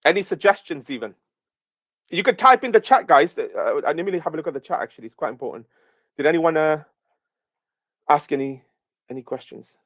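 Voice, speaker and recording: A man's voice: fairly high pitch, expressive, fairly quick, pauses often, a bit bright, slightly rough, no echo. A man leading a community Q&A who talks emphatically and often checks in with "okay?". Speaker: project lead hosting a community Q&A. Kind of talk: casual live-stream talk.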